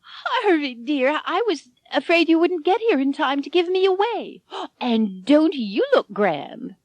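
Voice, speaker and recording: A woman voicing an elderly bride, sweet and sentimental, with a high fluttery voice. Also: very animated, measured pace, no echo. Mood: tender.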